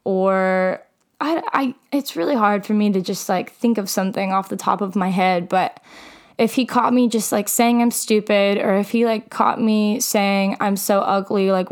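Earnest young woman with a smooth voice. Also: mid-range voice. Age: young adult. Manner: candid and heartfelt, many fillers like "like". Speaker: mental health vlogger. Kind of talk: earnest personal talk to camera.

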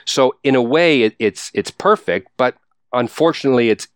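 A middle-aged man giving enthusiastic commentary on music, talking fast with restarts and emphatic repetition. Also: mid-range voice, lively intonation, clear, resonant tone, dry recording, studio quality.

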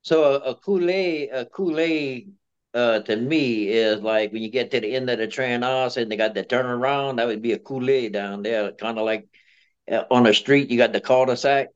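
A man's voice: mid-range voice, moderate pace, smooth, muffled recording. A man with a Cajun accent, co-hosting a casual podcast, rambling and hedging in a good-humored way. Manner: rambling, hesitant, self-correcting, good-humored. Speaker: podcast co-host. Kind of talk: casual chat.

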